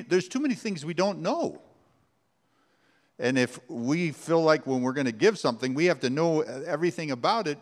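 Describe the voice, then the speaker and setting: A man preaching a sermon, earnest and conversational, with rhetorical questions. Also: medium pitch. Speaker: pastor. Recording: long hall reverb.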